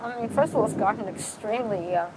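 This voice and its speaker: A woman's voice: fairly high pitch, fast talker. Rambling New woman on a noisy street. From the Bronx. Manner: rambling, many fillers. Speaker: interviewee. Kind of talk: casual interview.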